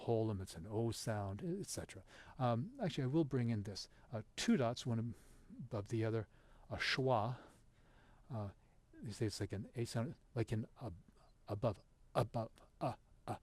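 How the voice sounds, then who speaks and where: Low husky man teaching, halting. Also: darkish tone. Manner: halting, with many fillers and restarts; patient, explanatory. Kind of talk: informal screen-share lecture.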